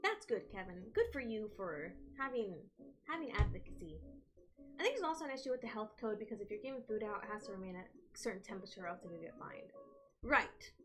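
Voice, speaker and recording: A young woman streamer chatting casually with her viewers, telling stories in an animated way. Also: mid-range voice, quick pace, a little hiss or hum. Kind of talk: casual chat with live viewers.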